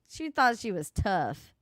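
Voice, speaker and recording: A woman's voice: medium pitch, animated, a little slow, fairly bright tone, no echo, clean studio sound. A woman hosting a casual commentary livestream, mocking and swearing. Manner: sassy, mocking, swears a lot, laughs at clips. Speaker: livestream host.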